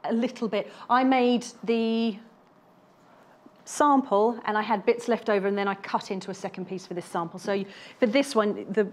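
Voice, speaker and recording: A woman's voice: medium pitch, fairly even intonation, moderate pace. A woman explaining her bag-making samples step by step on a TV shopping craft show. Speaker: guest bag maker.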